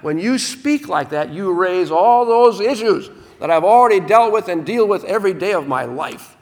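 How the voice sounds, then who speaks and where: Animated man preaching in a reverberant hall. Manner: emphatic, lively pitch with slowed, stressed key words. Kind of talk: sermon on a Gospel text.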